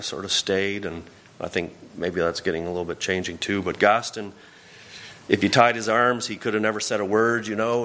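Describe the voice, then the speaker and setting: A man's voice: on the low side, a bit bright. A man pastor giving a sermon in a folksy storytelling way, often restarting his sentences.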